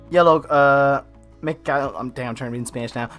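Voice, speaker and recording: A man's voice: mid-range voice, moderate pace, fairly bright tone. Rambling laid-back male streamer. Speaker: streamer drawing live. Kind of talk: casual chat while drawing. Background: faint lo-fi music.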